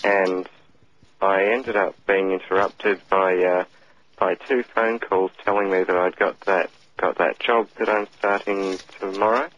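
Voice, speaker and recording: A man's voice: low-pitched, fairly even intonation, fairly bright tone, slight background noise. Young Australian man on a dull phone line. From Canberra, Australia. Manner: brief, plain, a little halting. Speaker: caller. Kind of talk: casual phone chat. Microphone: telephone.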